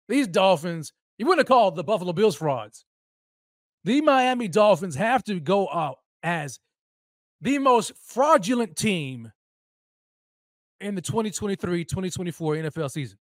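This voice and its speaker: Male sports podcast host, high voice, dry close sound, mocking heated rant full of repeats. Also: no echo. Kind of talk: solo sports commentary rant.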